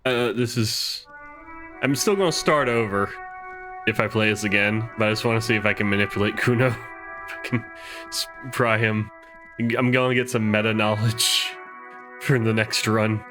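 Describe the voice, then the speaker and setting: A man's voice: on the low side, fairly even intonation, moderate pace, over music. A man streaming a video game, thinking aloud in a rambling, giggly way. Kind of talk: casual gameplay commentary.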